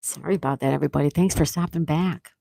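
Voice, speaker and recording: A woman hosting a live stream, reading chat comments and excitedly thanking viewers, with frequent gasps. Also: low-pitched, fast talker, gravelly, no echo, studio quality. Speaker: livestream host.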